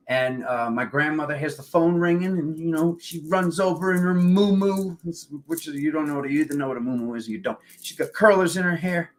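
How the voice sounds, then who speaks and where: A man hosting a spiritual livestream, telling a personal story in a rambling, animated way and acting out the voices of the people in it. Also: medium pitch. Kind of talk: casual storytelling monologue. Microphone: livestream setup.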